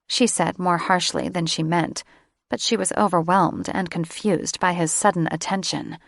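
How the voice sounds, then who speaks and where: A woman reads fantasy romance in a slow, deliberate style. Her voice sits low with a gravelly fry. The sound is close and dry, as from a studio booth mic. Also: steady tone, no echo. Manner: slow and measured. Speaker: audiobook narrator. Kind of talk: scripted fantasy romance narration.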